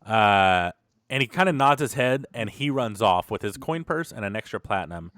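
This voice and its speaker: A man's voice: fairly low pitch, animated, normal speed, fairly bright tone, dry recording, clean studio sound. A man running a tabletop game as game master, narrating in a loose, conversational way with many fillers.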